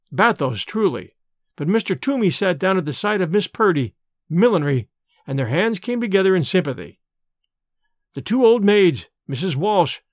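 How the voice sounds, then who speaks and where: A man's voice: high voice, no echo, clean studio sound. A man reading a classic short story aloud with wry, theatrical storytelling. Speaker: narrator.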